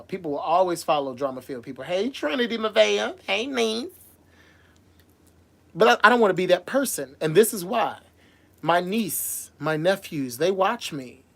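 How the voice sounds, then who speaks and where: A woman with a lowish voice vents on a casual livestream, talking straight to her viewers. She is heated and emotional, and she keeps stumbling, repeating and restarting her words. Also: gravelly. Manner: addresses viewers directly. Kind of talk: casual live-stream rant.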